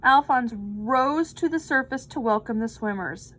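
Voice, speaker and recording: Woman reading a picture book aloud, expressive, slow, high voice. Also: rough recording. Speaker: storybook reader.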